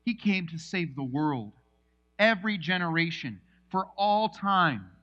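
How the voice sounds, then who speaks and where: A male pastor preaching a sermon, telling the story with animated energy and acting out the scenes. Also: sits high, measured pace, muffled recording.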